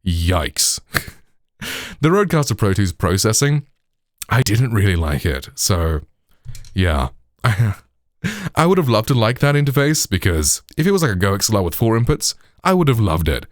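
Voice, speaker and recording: A man's voice: on the low side, big pitch swings, moderate pace, long pauses, dry recording. A British man hosting a tech tutorial, explaining in a chatty way full of "like", "you know" and "right", through a processed studio microphone.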